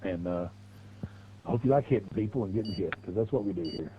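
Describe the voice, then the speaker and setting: A middle-aged man from Southwest Virginia, USA, hosts a live game stream and races, talking fast in a low, dark, animated voice. His talk is laid-back, rambling, and folksy. The recording is rough, with game car noise running behind him.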